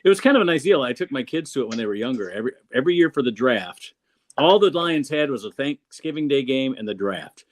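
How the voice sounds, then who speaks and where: A man's voice: medium pitch, animated, fast, slight background noise. Easygoing middle-aged man hosting. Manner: rambling, easygoing, many restarts. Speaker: host. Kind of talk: casual chat.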